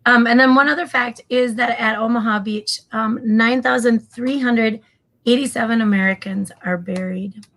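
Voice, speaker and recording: A woman's voice: a little high, steady tone, moderate pace, a bit bright, poor audio. A woman co-hosting a casual show, friendly and a little scattered as she checks her notes. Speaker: co-host with news segment.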